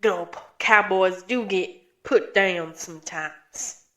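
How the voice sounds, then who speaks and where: A woman's voice: medium pitch, takes it slowly, a bit bright. A woman from the US Midwest co-hosting a podcast, playful and jokey, with theatrical intros and banter. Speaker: podcast co-host. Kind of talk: casual podcast chat.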